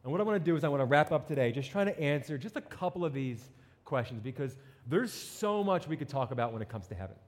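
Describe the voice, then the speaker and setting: A man from New Jersey with a slight New Jersey accent, preaching a sermon as pastor with animated, joking asides to the congregation. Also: on the high side, fast.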